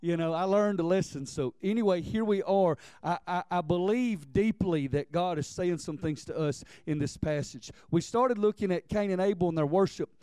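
A man's voice: high-pitched, moderate pace, hardly any pauses, mellow, clean tone, dry recording. A man of about forty, preaching a sermon earnestly, often restarting his words and building in intensity. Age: 40s. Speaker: pastor.

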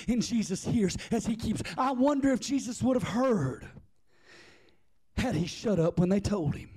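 Impassioned preacher, high mellow voice. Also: male voice. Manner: impassioned, rhythmic repetition, Southern US dialect. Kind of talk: sermon.

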